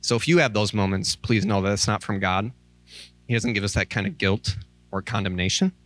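A man's voice: on the low side, a little fast, fairly bright tone, dry recording. A man preaching an informal sermon in a church as associate minister. He talks candidly and conversationally, close to tears, often adding "like" and "um.". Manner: candid and conversational, with many "like" and "um" asides; earnest and pleading. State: tearful, close to crying. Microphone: microphone.

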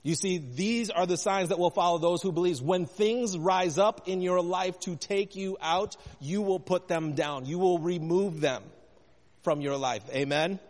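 A man's voice: sits high, a little slow, darkish tone, long reverb tail. A male pastor preaching a sermon with earnest conviction, asking the congregation questions.

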